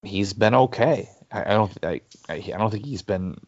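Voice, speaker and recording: A low-pitched man talks through a team's players in a relaxed soccer podcast chat. He stops and restarts his sentences often. The audio sounds muffled and lo-fi. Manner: halting, many restarts and fillers. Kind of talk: casual sports chat. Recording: dull lo-fi audio.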